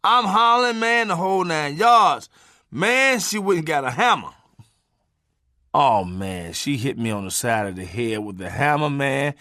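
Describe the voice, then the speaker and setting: A man telling a comic story from his own life, animated and profane, swinging from loud bursts to low asides. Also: measured pace, dry recording, studio quality.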